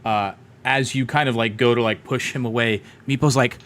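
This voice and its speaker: Casual male game master, mid-pitched, rambling narration, faint hiss. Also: fairly even intonation, normal speed, a bit bright. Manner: loose, rambling with many fillers.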